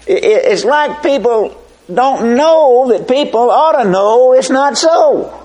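A pastor preaching a sermon slowly and emphatically, with folksy asides. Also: male voice, very high-pitched, lively intonation, darkish tone.

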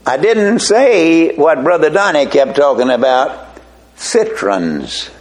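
An older man preaches in a high, swooping voice. He takes his time and leans hard on each phrase. Homespun asides break up the sermon. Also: big pitch swings. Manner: slow, emphatic preaching with folksy asides. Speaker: pastor.

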